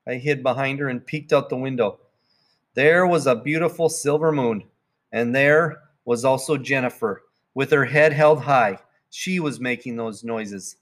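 A man narrating a children's storybook in a plain, even read-aloud manner. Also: mid-range voice, a little slow. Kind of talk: storybook reading.

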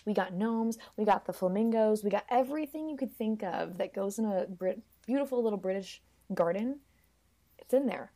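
A woman's voice: medium pitch, animated, moderate pace, warm tone. Playful chatty woman. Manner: chatty, playful, acts out characters in silly voices. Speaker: podcast co-host recapping a film. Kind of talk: casual chat.

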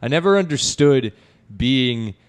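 A young man hosting a comedy podcast, chatting in a relaxed, rambling way full of "like". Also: mid-range voice, a little slow. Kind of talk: casual comedy chat.

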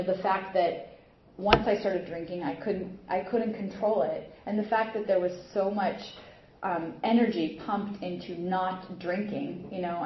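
A woman's voice: on the low side, a little hiss or hum. A young adult woman giving a personal recovery talk at a meeting, rambling with many fillers and restarts. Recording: muffled echoey room recording.

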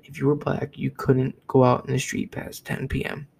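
A man's voice: mid-range voice, monotone, moderate pace, vocal fry, darkish tone, slight background noise, poor audio. A young man from the United States giving a blunt, profane opinion rant to camera, repeating himself as he talks. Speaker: vlogger.

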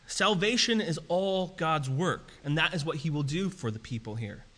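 A man preaches in a casual, conversational manner that turns animated and emphatic. His voice sits high for a man and sounds bright and forceful, and a long reverb trails each phrase through the hall. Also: moderate pace. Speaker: pastor. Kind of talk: sermon.

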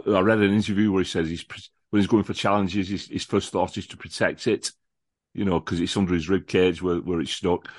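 A man with a deep, low voice talks casually about football as a podcast guest. He is enthusiastic and chatty, often restarting and repeating words. The sound is dry, with no room echo. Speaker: podcast guest, lifelong fan of the visiting football club. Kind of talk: casual chat, football preview.

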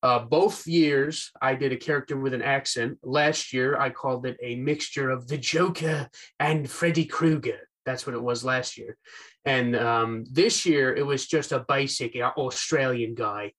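A man's voice: mid-range voice, measured pace, fairly bright tone, rough recording. A young man talking casually as a podcast guest. He rambles with fillers and pokes fun at himself. His voice comes through a video call. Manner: chatty, self-deprecating, many fillers. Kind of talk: casual chat.

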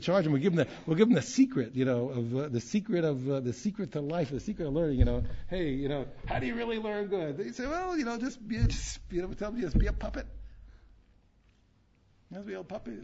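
A man, a rabbi, teaching a Torah class in an animated way, repeating phrases and restarting often. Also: a little high. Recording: dull lo-fi recording.

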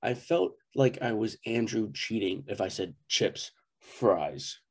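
Husky low-voiced man ranting playfully. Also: animated, slow pace, a little mellow. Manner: mock-indignant, emphatic, swears. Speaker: podcast co-host. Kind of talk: casual chat.

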